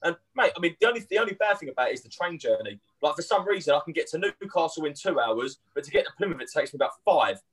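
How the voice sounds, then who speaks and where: A man telling crude, animated football stories in casual podcast chat. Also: fairly high pitch, slightly rough, low-quality recording. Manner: fast, animated, crude storytelling. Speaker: podcast guest.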